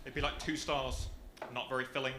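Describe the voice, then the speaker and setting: A young man with a Birmingham accent doing a stand-up comedy set, delivering dry, deadpan punchlines on a comedy club stage. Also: mid-range voice, a little fast. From Birmingham area, England. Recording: echoey club with audience noise.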